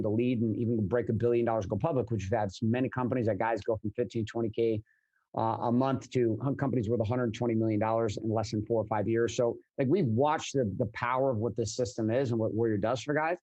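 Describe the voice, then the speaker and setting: A man speaking as a podcast guest in casual interview conversation, energetic and blunt, swearing freely and restarting his sentences often. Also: mid-range voice, fast, highs cut off. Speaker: podcast guest, business coach.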